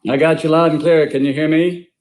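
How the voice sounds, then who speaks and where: A man's voice: a little high, steady tone, brisk, a little mellow. An older man with a Louisiana accent, a guest on a live video call, explaining a deal in an easygoing, plain-spoken way. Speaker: guest investor.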